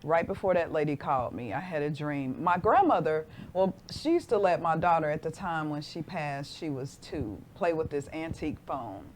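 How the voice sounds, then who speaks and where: A woman in her forties, a guest in an interview, telling a personal story with lively acted-out voices. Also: sits low, normal speed, hardly any pauses, a little hiss or hum.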